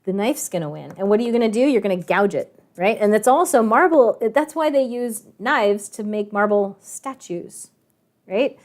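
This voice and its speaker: A woman teacher telling a lively story to her online class, chatty and animated, with frequent laughing asides, over a video call. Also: mid-range voice, normal speed. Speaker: math and science teacher.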